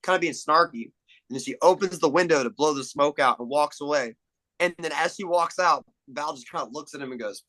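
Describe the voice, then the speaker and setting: A man's voice: on the high side, brisk, bright, forceful tone, rough recording. A young man in casual podcast chat, swearing freely and acting out movie lines. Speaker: podcast guest.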